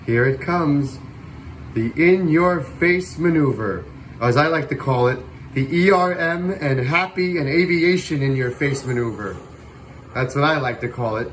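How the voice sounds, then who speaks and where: A man hosting a livestream, calling a virtual air show in playful announcer style with loud whoops. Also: on the high side, a little hiss or hum. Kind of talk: playful air show commentary over a flight sim stream.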